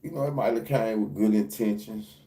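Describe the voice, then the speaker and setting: Male streamer, deep-ish and mellow, loose repetitive commentary. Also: brisk. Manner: loose, repetitive, profane street talk. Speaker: livestream reaction host. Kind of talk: casual livestream commentary.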